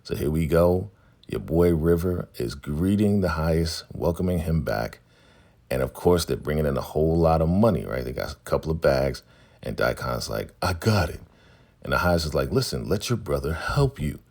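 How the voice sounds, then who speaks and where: A man casually recapping a TV episode, retelling scenes by quickly acting out the characters' lines. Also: animated, a little mellow. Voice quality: gravelly, husky low voice. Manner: retells scenes with quick quoted dialogue and laughs. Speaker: recap host.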